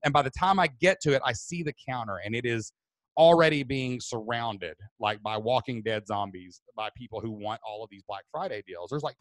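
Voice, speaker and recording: A podcast host tells a story loudly and excitably, with a drawl and big bursts of energy, moving fast. His ordinary middle-pitched voice sounds close and dry, with no room sound around it.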